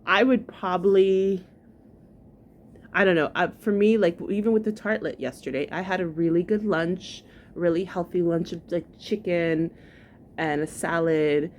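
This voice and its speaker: A woman's voice: fairly low pitch, a little slow, slight background noise. A woman giving chatty, gossipy reaction commentary on a video, full of "like" fillers. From New York. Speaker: commentary vlogger.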